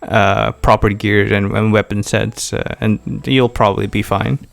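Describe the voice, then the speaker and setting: Gravelly-voiced podcast co-host man. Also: fairly low pitch, flat delivery, normal speed. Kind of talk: casual chat.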